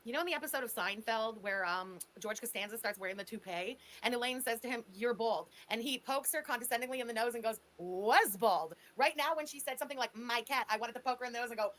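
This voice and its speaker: A woman's voice: a little high, very fast, hardly any pauses, fairly bright tone. A woman hosting a commentary show, reacting to a clip with sarcastic, incredulous remarks. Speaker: host, commentary channel.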